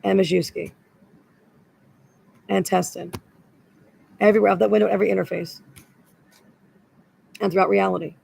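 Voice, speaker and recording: Woman, very gravelly, husky, agitated, rambling monologue, repetitive. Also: mid-range voice, steady tone, normal speed, long pauses, a little mellow, poor audio.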